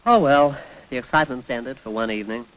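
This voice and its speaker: A man's voice: medium pitch, fairly quick, a bit bright, lightly acted, rough recording. An actor voicing a young, curious male Earthman assistant working on Mars in a 1960s cartoon.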